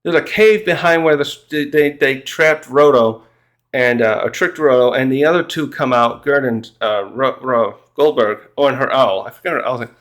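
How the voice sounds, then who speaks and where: A man recapping a manga chapter in casual chat, rambling and halting, often laughing and acting out the characters' lines. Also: mid-range voice, fairly bright tone. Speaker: manga reviewer.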